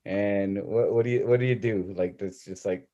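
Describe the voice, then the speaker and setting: A man's voice: on the low side, fairly even intonation, normal speed, highs cut off. A man hosting a casual podcast interview, asking loose, stumbling, enthusiastic questions. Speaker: podcast host.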